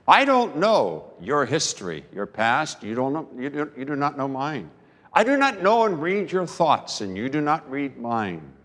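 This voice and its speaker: A man preaching a sermon as pastor, telling a story slowly and emphatically with dramatic pauses, recorded in a church sanctuary. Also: fairly high pitch, fairly bright tone. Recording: long reverb of a large church hall.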